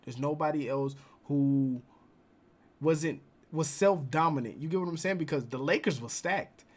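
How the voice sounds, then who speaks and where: A man's voice: on the high side, moderate pace. Young man doing casual reaction commentary. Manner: casual, uses slang like "bro", argues points. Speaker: reaction video host.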